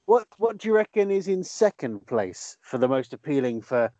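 A man's voice: on the high side, sing-song, normal speed, mellow, no echo, highs cut off. A male radio presenter running a playful chat, quizzing his co-hosts.

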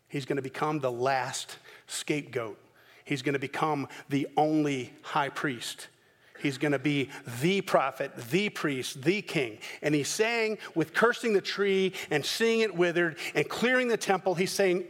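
A male pastor delivers a lively sermon from a pulpit mic in a church sanctuary. His voice sits high for a man and lingers in a long hall reverb. He bursts into dramatic shouts when acting out scenes. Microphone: microphone.

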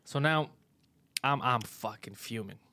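A man's voice: medium pitch, a little slow, bright, forceful tone. A man hosting a comedy podcast, telling a frustrating story in a profane, exasperated way with frequent laughs. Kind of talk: casual chat, storytelling.

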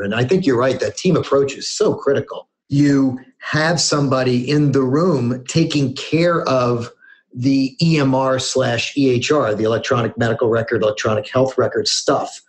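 A man's voice: mid-range voice, normal speed. A man hosting an interview, asking friendly, probing questions in a conversational way. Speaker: host.

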